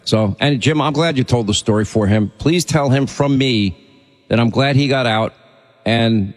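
A man's voice: mid-range voice, moderate pace, in a large hall. A male radio talk show host speaking to a caller in an urgent, emphatic, preachy way.

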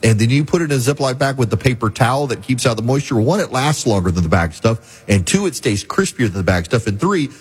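Husky-voiced man telling a story. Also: medium pitch, animated, fast, few pauses. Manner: storytelling, emphatic, wry. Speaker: talk radio host. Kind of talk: talk show monologue.

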